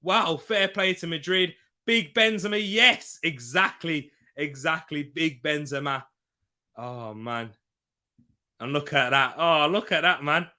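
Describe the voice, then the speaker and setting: High bright-voiced guy hosting a football watchalong from his room, hyped commentary and reading chat. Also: slow pace. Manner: excitable, reacts loudly and reads out viewer comments. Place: room at home.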